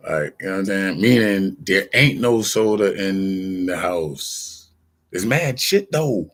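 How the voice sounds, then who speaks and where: A middle-aged man with a low, gravelly voice rambles through a casual story, cursing freely and drifting from point to point. His voice has a husky grain to it. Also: expressive, takes it slowly. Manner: loose, profane, meandering, acts out quoted people. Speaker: vlogger.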